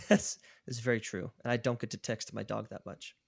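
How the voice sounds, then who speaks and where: A young man co-hosting a casual podcast chat, animated and laughing often, with bursts of loud emphasis. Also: lowish voice, normal speed, vocal fry, no echo, clean studio sound. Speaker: podcast co-host.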